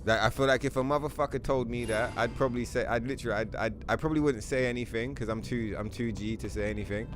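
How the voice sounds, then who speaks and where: A man's voice: medium pitch, fast, hardly any pauses, over music. A man hosting a game livestream, telling rambling, profanity-filled stories and chatting casually with viewers. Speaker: livestream host. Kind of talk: casual gameplay stream chat.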